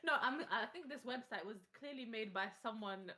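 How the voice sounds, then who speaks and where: A British woman on a casual podcast, reading out a ranked list and chatting between items. Her voice sits somewhat high for a woman. She sounds easygoing and giggles often. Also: a little fast, noisy background. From Britain. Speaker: podcast co-host. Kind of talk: casual chat.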